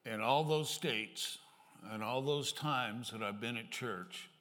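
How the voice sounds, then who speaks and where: A man filling in for the pastor, telling a joke to the congregation in a halting, folksy way with many fillers. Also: mid-range voice, fairly bright tone. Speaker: lay speaker filling in for the pastor. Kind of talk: casual church talk, telling a joke. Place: church sanctuary. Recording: long reverb from a church hall.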